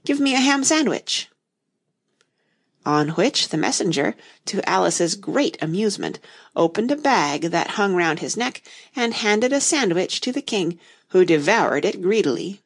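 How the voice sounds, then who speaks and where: A woman narrating a storybook aloud in a steady, expressive manner. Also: lowish voice, gravelly.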